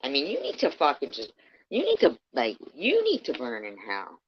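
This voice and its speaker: A woman with a low voice rants angrily on a livestream, her delivery swinging widely between muttering and shouting. She swears constantly and talks heatedly to someone she despises. The stream audio is dull and lo-fi. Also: huge pitch swings, moderate pace, a little hiss or hum. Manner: profane, heated, swings from muttering to loud outbursts. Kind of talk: angry ranting livestream commentary.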